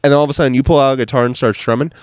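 A man's voice: medium pitch, fairly even intonation, rapid-fire, smooth, dry recording, studio quality. A man hosts a podcast outdoors by a bonfire, ranting playfully and with emphasis. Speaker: podcast host. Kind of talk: casual podcast chat. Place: outdoor patio around a bonfire.

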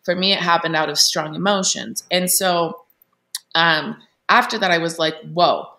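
A woman with a lowish voice and a crisp, forceful tone tells her story as an interview guest. She talks in an earnest, animated way and often breaks off and restarts. Fillers like "you know" and "like" run through her speech. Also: normal speed.

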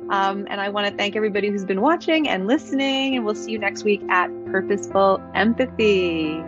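A woman's voice: medium pitch, expressive, a little fast, muffled recording, music in the background. A woman hosting an interview podcast, asking reflective questions and responding with appreciation. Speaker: podcast host.

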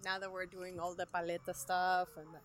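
A woman's voice: lowish voice, flat delivery, a little fast, slight background noise. Playful woman hosting a casual chat. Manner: playful, laughing, asks questions. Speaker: host. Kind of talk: casual chat over drinks.

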